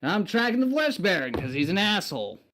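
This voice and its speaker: A man's voice: high voice, sing-song, quick pace, a bit bright, voice pushed up. A man playing a weary, foul-mouthed undead knight in a tabletop game, rambling and swearing freely. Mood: exasperated. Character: weary crude male undead knight, brought back. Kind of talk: tabletop role-play in character.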